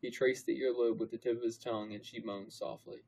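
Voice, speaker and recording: A young man co-hosting a comedy podcast, reading fan fiction aloud in a deadpan, mock-dramatic way. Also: mid-range voice, fairly quick, a little hiss or hum, low-quality recording. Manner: mock-dramatic, deadpan narration with put-on character voices.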